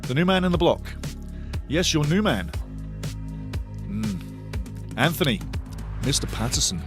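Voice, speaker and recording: A man hosting a live football watch-along stream, chatty and excitable as he greets his chat and reads out the lineups. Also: on the high side, unhurried, music in the background. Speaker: watch-along show host.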